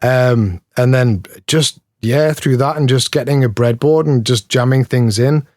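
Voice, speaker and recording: A pedal builder from Newcastle, England, guests on an interview, chatting casually in a Geordie accent. His medium-pitched voice is a little mellow and a little slow, and he rambles with self-deprecating humor and frequent laughter. Clean studio sound without echo.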